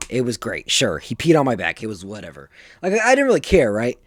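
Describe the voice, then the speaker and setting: A man's voice: mid-range voice, wildly swooping pitch, fast talker, no echo, studio quality. An eighteen-year-old man telling stories casually, rambling and full of fillers. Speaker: vlogger. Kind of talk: casual storytelling.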